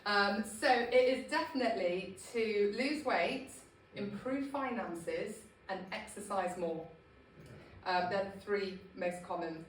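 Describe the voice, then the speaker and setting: A woman's voice: mid-range voice, slow, a little hiss or hum. A woman from Scotland giving a humorous, informal talk to a small group, laughing at herself often. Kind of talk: chatty informal presentation. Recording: echoey room, voice from a distance.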